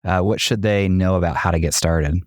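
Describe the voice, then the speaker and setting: A male podcast host with a low, deep voice asks his guest questions and keeps praising him warmly. The recording is dry and close to the mic, with no echo. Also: fairly quick. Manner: enthusiastic, effusive praise. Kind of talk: interview hosting.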